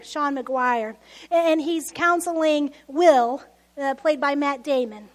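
A woman pastor preaching a sermon, conversational, with friendly asides and a hushed whisper on key lines. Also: high-pitched.

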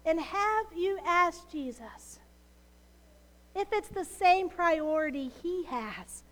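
A woman pastor preaching a sermon, animated as she acts out quoted prayers and then drops to hushed, whispered lines. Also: extremely high pitch, slow pace. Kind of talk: Palm Sunday sermon. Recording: long hall reverb.

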